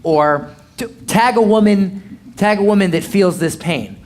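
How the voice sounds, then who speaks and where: Brief: blunt marketing coach in a live Q&A, mid-pitched, punchy and repetitive. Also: a little slow, darkish tone. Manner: punchy and repetitive, peppered with "okay?" and "boom", blunt, occasional swearing.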